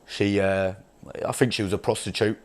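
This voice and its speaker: A man's voice: lowish voice, steady tone, normal speed, natural voice. A man playing a brash, crude chav with an Essex accent, rambling and swearing in laddish banter as a comedy character monologue.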